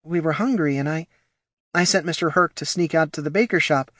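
A man's voice: fairly high pitch, fairly quick, no echo, studio quality, pitched above the performer's own voice. A man putting on a proud gnoll widow. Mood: sorrowful. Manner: soft, pleading, proud. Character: poor widowed female gnoll mother, proud and fearful.

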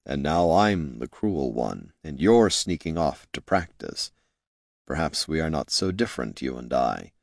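A man doing a soft, weary male wizard. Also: low-pitched, big pitch swings, unhurried, dry recording, clean studio sound, exaggerated voice. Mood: rueful. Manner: soft, hesitant, rueful.

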